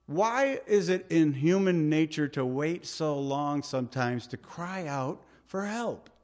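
A man's voice: fairly high pitch, darkish tone. A middle-aged man preaching a sermon as pastor, earnest and conversational, asking rhetorical questions and pleading with light humor.

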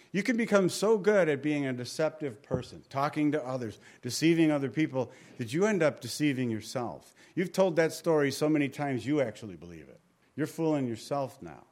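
A pastor teaching through scripture in a conversational sermon, repeating key phrases for emphasis and dropping to a quiet voice at the ends of phrases. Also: male voice, on the high side.

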